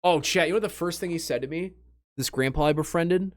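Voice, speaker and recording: A young man streaming, chatting casually with his viewers and telling animated stories from a trip. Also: on the high side, fast. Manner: animated storytelling, talks to chat.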